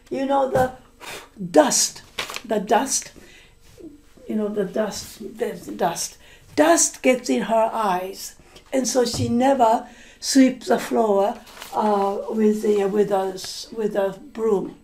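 A woman teacher telling a story to language learners, slowly repeating and explaining words, often correcting herself. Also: a little high, warm tone, slight background noise.

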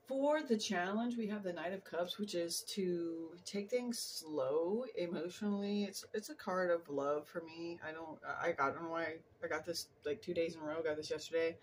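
A woman's voice: lowish voice, moderate pace, few pauses, a little hiss or hum. A woman giving a casual tarot reading at home in her apartment, earnest and rambling, often restarting her sentences. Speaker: tarot reader.

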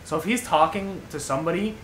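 A man's voice: fairly high pitch, quick pace, slight background noise. A young man chatting casually with friends while they play a video game, telling stories with laughter. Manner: animated storyteller, breaks into laughter. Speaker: gaming channel member. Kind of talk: casual chat over gameplay. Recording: echoey room.

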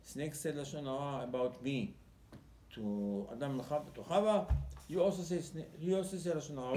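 A man's voice: fairly high pitch, brisk, warm tone, a little hiss or hum. A man, a rabbi giving a Torah sermon, telling the story animatedly and acting out the dialogue, often repeating words as he searches for his phrasing. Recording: roomy echo, faint background ambience.

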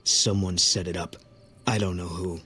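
An actor playing a grim, bitter soldier who talks in a curt, guarded way, in a video game. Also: male voice, low voice, fairly even intonation, normal speed, bright, forceful tone. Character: grim, bitter soldier sniper, grieving husband. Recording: game audio under music.

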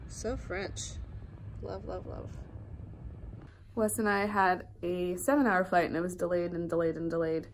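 A woman's voice: medium pitch, a little hiss or hum. A young woman chatting casually to camera in a travel vlog, bubbly and gushing, a little stuffed up with a cold. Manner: bubbly, gushing, many fillers and laughs. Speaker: vlogger. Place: hotel room and city streets.

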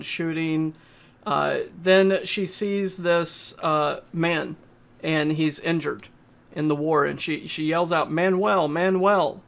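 A man giving a casual, halting spoken movie review, often pausing and restarting his sentences. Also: on the high side, vocal fry, fairly bright tone. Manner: plain, halting, with frequent uhs and restarts.

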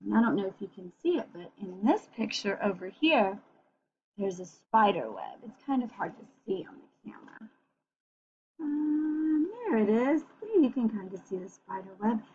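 A woman reading a picture book aloud to children, pausing for gentle, chatty asides to her young listeners. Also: medium pitch, very animated, highs cut off, a little hiss or hum. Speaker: children's storyteller.

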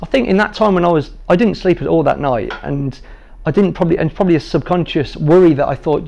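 Man, thirties, slightly high gravelly voice, light self-mocking storyteller to a room of trainees. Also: quick pace, a little mellow. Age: 30s. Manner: jovial, self-deprecating, makes light of things. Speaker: guest speaker sharing his patient story. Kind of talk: humorous personal storytelling to a training group.

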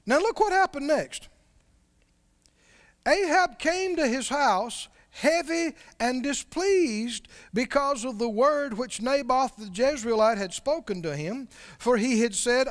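A man's voice: very high-pitched, lively intonation, unhurried, big-room sound. A man preaching a sermon as pastor, conversational, asking his congregation questions as he reads.

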